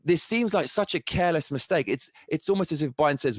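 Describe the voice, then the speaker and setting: A man's voice: on the high side, expressive, fast talker, hardly any pauses, dry recording, studio quality. A man delivering an angry, profane political rant, heated and sarcastic throughout. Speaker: political commentator.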